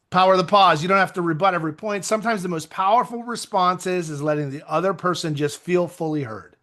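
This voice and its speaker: A man coaching real estate agents in an energetic, conversational motivational talk with self-deprecating asides. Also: high voice.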